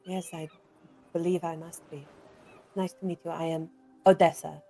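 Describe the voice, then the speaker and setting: A woman voicing a formal, measured robed expert who wears a plague doctor mask. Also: low-pitched, little pitch movement, vocal fry, warm tone, soft background music.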